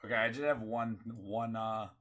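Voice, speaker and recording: Young guy hosting, blunt, tense bright tone. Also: lowish voice, steady tone, normal speed. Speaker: host. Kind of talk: casual chat.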